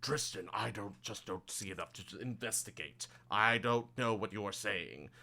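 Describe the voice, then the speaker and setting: A man voicing a huge, slow-witted male ogre manager in a tabletop game, muttering in a slow, puzzled way. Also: on the low side, vocal fry, bright, forceful tone.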